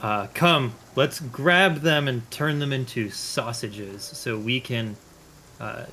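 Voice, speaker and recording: A man's voice: mid-range voice, animated, slow pace, fairly bright tone, a little hiss or hum. A man playing a tabletop game, speaking in character with playful, theatrical asides. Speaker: player.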